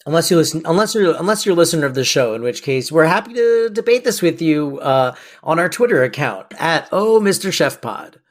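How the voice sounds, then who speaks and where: A podcast co-host chatting casually, rambling and correcting themself as they get excited. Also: mid-range voice, a little fast, hardly any pauses. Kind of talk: casual chat.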